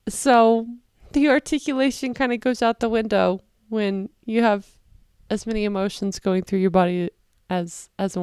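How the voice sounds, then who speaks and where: A woman's voice: mid-range voice, steady tone, moderate pace, a little mellow, smooth, no room sound, clean studio sound. A woman hosting a casual reaction video, talking expressively with some swearing and rambling thoughts. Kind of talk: casual emotional reaction commentary.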